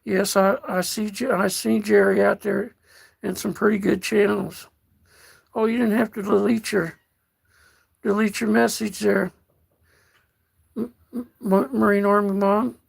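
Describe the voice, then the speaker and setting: An older American man hosting a casual livestream, reading out chat messages in a slow, folksy way and calling viewers darling. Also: sits high, fairly even intonation, gravelly, slightly rough. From United States.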